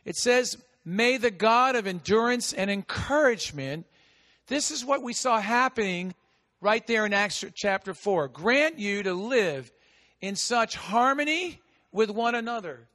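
A man preaching a sermon as pastor, with a big voice that swings from shouting to hushed asides. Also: high-pitched, expressive, measured pace, big-room sound. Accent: American. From United States.

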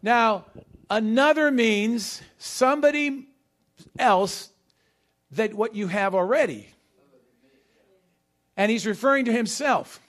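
A male pastor preaching a sermon, leading call-and-response with his congregation and shifting between quick bursts and slow, stressed phrases. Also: very high-pitched, animated, a bit bright.

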